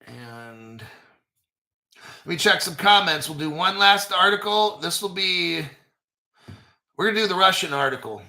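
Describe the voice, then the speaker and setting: Bright-voiced profane crypto host. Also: male voice, high-pitched, animated, measured pace, long pauses. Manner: profane, talks back to himself. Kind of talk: casual live commentary.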